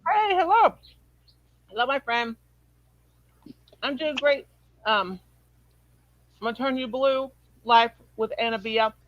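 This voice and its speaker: A woman's voice: a little high, animated, slow, pauses often, dry recording, muffled recording. A woman hosting a casual livestream, chatty and teasing. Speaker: livestream host.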